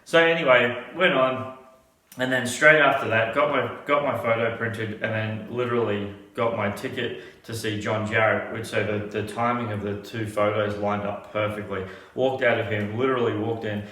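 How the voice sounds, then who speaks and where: A man's voice: fairly low pitch, fairly even intonation, moderate pace, bright, forceful tone. A man telling a casual story, rambling with many restarts. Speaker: vlogger. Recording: echoey room.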